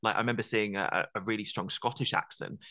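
An English man with a Northampton accent softened by London, hosting an interview with long, rambling questions. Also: on the low side, fairly even intonation. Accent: Northampton English, London-tinged. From England. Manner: fast, enthusiastic, rambling questions. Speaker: podcast host. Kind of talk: casual interview chat.

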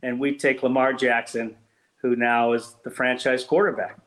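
An older man, a former team executive, telling anecdotes as an interview guest, animated and full of restarts. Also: mid-range voice, normal speed, low-quality recording. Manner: animated storyteller with many restarts.

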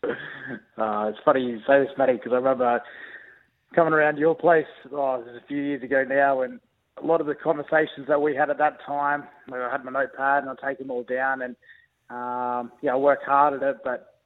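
A man's voice: mid-range voice, fairly quick. Young guy on the phone to a radio show, tinny line, easygoing, lots of ums. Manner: relaxed, rambling with fillers and restarts. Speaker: guest rugby league player. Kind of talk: casual radio interview over the phone.

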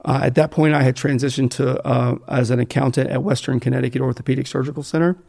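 A man's voice: medium pitch, fairly even intonation, fast, vocal fry, darkish tone. An American man speaking bluntly and profanely, rambling with fillers and restarts as he tells his story in an interview. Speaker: guest telling his addiction story.

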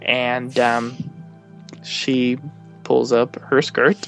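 Slow gravelly-voiced man recapping. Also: medium pitch, little pitch movement, fairly bright tone, faint music behind. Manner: meandering retelling, quotes the characters' lines. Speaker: podcast co-host recapping a TV episode. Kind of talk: casual recap chat.

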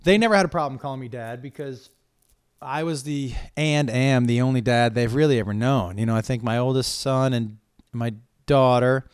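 A man's voice: medium pitch, normal speed, clean tone, dry recording, studio quality. A middle-aged man from Massachusetts hosting a comedy podcast, rambling with profanity, repeating phrases for emphasis and drawing out his vowels. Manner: holds on to vowels. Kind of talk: casual podcast chat, reading listener questions.

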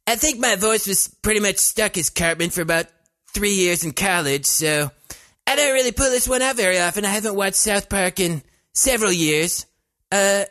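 A man doing an impression of a bratty, loud cartoon schoolboy, whining and sighing. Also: high voice, normal speed, pitched above the performer's own voice. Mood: whiny.

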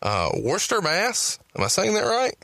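Southern male podcast host, methodical questioner, crisp forward tone. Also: medium pitch, unhurried, pushed and bright, no room sound. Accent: Southern US, Alabama. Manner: methodical, reads out dates and questions. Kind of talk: interview with research recap.

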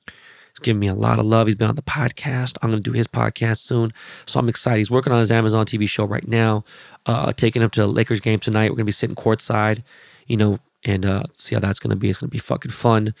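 Gravelly, profane man riffing casually. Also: on the low side, little pitch movement, quick pace, dry recording, clean studio sound. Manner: profane, rambling storytelling. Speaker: podcast host. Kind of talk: casual monologue.

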